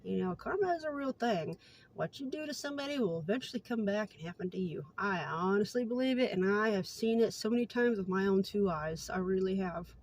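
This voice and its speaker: A woman's voice: mid-range voice, animated, fairly quick, slight background noise. Candid, chatty woman vlogger. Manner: candid, earnest and chatty, with many fillers. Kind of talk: casual storytelling vlog.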